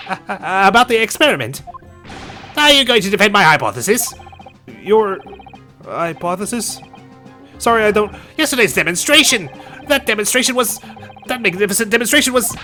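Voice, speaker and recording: A man's voice: sits high, sharp tone, voice pushed up, full character voice. A man doing a stammering, overexcited professor. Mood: excited. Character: excitable eccentric male scientist, older, stammering.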